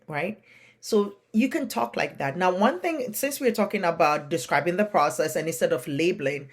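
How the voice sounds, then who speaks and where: A woman's voice: fairly low pitch, animated, moderate pace. A woman from a non-Western country who coaches parents, talking earnestly and plainly to camera, often checking in with "right?". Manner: earnest, plain-spoken, keeps asking "right?". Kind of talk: advice talk to camera.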